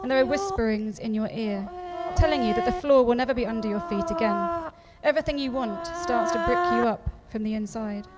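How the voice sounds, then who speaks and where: A woman's voice: a little high, lively intonation, a little fast, few pauses. A woman performing her spoken-word poetry live on a festival stage, rhythmic and repeating phrases. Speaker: poet performing her work. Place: festival stage before an audience.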